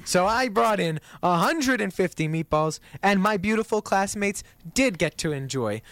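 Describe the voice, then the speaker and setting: A young man in his twenties co-hosts a radio show, telling a story in casual chat with a high voice at a moderate pace and no echo. He is an animated storyteller who acts out the quotes and laughs often.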